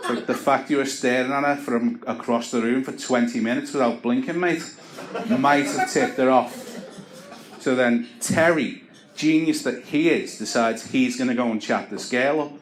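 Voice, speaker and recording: A man doing stand-up, delivering dry, self-deprecating stories through a stage mic. His voice sits at an ordinary male pitch. The club is echoey, and audience laughter keeps rolling in. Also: normal speed, crowd noise. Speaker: stand-up comedian. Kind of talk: stand-up comedy routine.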